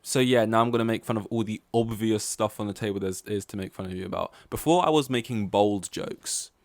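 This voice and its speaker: A man chatting alone on his own podcast in a loose, rambling way, swearing casually and losing his thread now and then. His voice sits a little low. The sound is dry and close, with no room around it. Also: a little fast, darkish tone, dry recording. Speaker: podcast host. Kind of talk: casual solo podcast chat.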